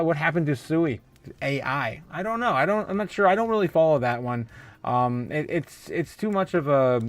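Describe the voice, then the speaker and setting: A man with a slightly high voice hosts a casual livestream, chatting to his viewers and reading their comments aloud. He keeps it loose and jokey, laughs a lot, and fills his pauses with "uh". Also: dry recording. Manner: laughs often, upbeat and jokey, frequent filler "uh". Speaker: crypto livestream host.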